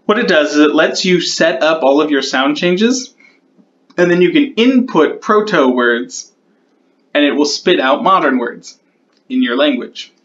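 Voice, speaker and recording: A man talking through his own tutorial, thinking aloud and slowing down as he types out rules. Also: on the high side, lively intonation, fairly bright tone, lo-fi sound. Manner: muses aloud, repeats test words, slows down while typing. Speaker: conlang creator.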